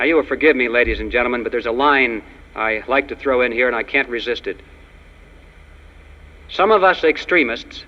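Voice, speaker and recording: A man giving an emphatic, ironic political speech to an audience, with jokes. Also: mid-range voice. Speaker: public speaker. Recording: dull lo-fi archive recording of a speech in a long-reverb hall.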